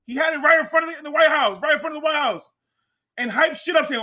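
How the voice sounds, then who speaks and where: A man's voice: very high-pitched, very fast, bright, forceful tone. A man co-hosting a casual podcast, ranting heatedly and emphatically with plenty of swearing. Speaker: podcast co-host. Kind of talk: casual chat.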